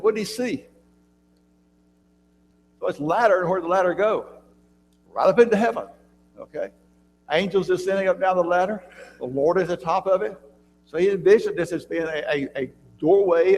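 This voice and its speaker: A high-voiced man teaches a church Bible class, talking conversationally and often quizzing listeners with questions. He frequently clears his throat and restarts, recorded in a church room with long reverb and a faint hum.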